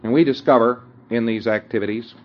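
Recorded in lo-fi, this informal lecture comes from a man with a medium-pitched voice speaking fairly quickly. He frequently chuckles and makes sure his audience is keeping up.

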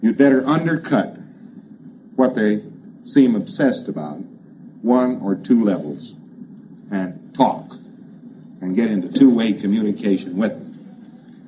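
A man giving a plainspoken, emphatic lecture to a congress, repeating phrases that trail off quieter each time. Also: on the low side, expressive, slow, long pauses. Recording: dull, hissy old lecture recording.

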